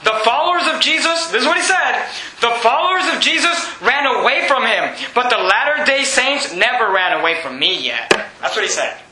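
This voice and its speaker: High-voiced man preaching in an echoey room. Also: moderate pace, few pauses. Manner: animated, mocking, laughs often while preaching. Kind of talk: sermon.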